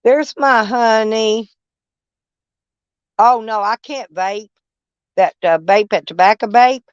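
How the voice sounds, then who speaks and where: A woman's voice: on the high side, takes it slowly, clear, resonant tone, no echo. Older lady rambling on a live stream from her camper, folksy, cusses a lot, muffled dry audio. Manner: rambling, folksy, blunt, with frequent swearing. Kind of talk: casual live chat with viewers.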